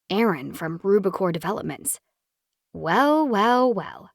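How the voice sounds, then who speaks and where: Brief: woman audiobook narrator, animated and expressive, slightly low voice, dry booth sound. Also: normal speed, no room sound. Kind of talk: scripted romance narration.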